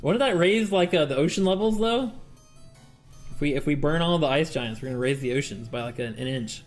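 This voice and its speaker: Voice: medium pitch, fairly quick, faint music behind. A streamer chatting casually with viewers during a game, laughing often and reading game text aloud. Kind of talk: casual live-stream gameplay chat.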